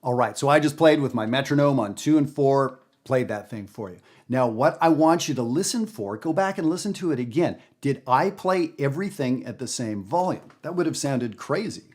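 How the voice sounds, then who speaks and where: A middle-aged man teaching jazz in an online lesson, talking with emphasis and big swings in loudness. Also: mid-range voice, normal speed, hardly any pauses, slightly rough. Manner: animated, emphatic talk with wide swings in loudness.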